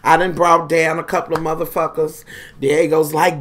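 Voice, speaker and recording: A woman with a low-sitting voice tells a personal story at normal speed in a casual monologue. She's animated and profane, swearing constantly and calling her listeners honey and y'all.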